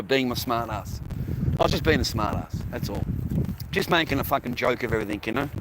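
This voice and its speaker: A man's voice: medium pitch, noisy background. A middle-aged Australian man vlogging in a profane, rambling, blokey way and laughing often. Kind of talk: casual rambling monologue.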